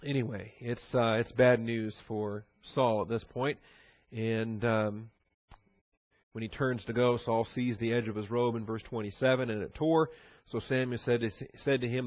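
A man's voice: mid-range voice, normal speed, dry recording, highs cut off. Conversational male Bible teacher. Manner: conversational, animated, sarcastic asides. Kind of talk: verse-by-verse sermon teaching.

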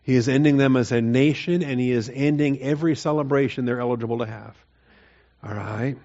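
A man's voice: medium pitch, a little fast, warm tone, muffled recording. A man preaching a Bible sermon in a conversational way, rising to emphatic, mocking quotes of the people. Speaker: pastor. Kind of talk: expository sermon.

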